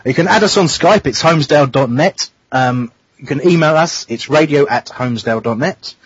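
Man hosting a radio chat show, husky slightly high voice, dry lo-fi sound; playful, teasing delivery. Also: brisk, dry recording. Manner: teasing, jokey. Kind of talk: casual radio banter.

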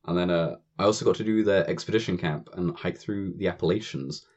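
Very deep-voiced British man. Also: a little fast, darkish tone. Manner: rambling, chatty storyteller. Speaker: podcast guest, camp counselor. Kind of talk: casual chat. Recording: dull lo-fi audio.

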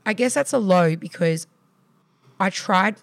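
A woman's voice: medium pitch, unhurried, gravelly. A woman in her thirties with an Australian accent, hosting a podcast and telling frank, chatty stories with laughs. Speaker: podcast host. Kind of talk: casual chat.

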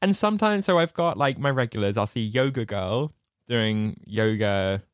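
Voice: medium pitch, animated, moderate pace, smooth, no echo, clean studio sound. A podcast co-host, telling stories in a rambling, casual way. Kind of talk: casual film chat.

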